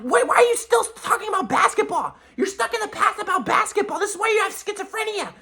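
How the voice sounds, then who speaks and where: A man imitating his mother as a shrill, scornful woman who laughs and shouts while dismissing him. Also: lively intonation, quick pace, vocal fry, exaggerated voice. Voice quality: high, loud, laughing and shouting. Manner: scornful, lecturing, repeats herself.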